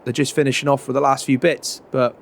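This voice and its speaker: A middle-aged man gives a rambling, friendly in-character roleplay chat. His voice is mid-pitched with a gravelly rasp at the bottom. He fills every pause with ums and calls his listener mate. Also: flat delivery, a little hiss or hum. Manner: chatty, lots of fillers, says mate and proper chuffed. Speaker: farmer character and roleplay narrator.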